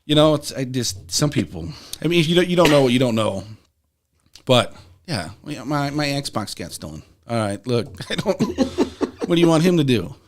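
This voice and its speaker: Swearing freely, a young adult man on a podcast rambles through casual stories as a guest. He speaks at a moderate pace in a medium pitch with big pitch swings.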